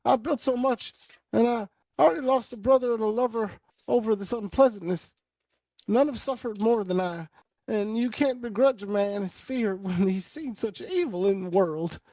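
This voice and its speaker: Guy doing a high, wailing preacher type begging on his knees, florid talk, bit off mic. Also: moderate pace, darkish tone, dry recording, far from the mic, rough recording. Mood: pleading. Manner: pleading, sobbing, florid speech. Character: frightened pleading male man of God, groveling.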